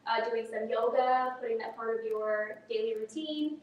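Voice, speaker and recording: A woman's voice: on the high side, moderate pace, muffled recording. A woman teacher leading a live parenting workshop. She speaks practically and illustrates her points with everyday examples. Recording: echoey hall from far off, faint noise.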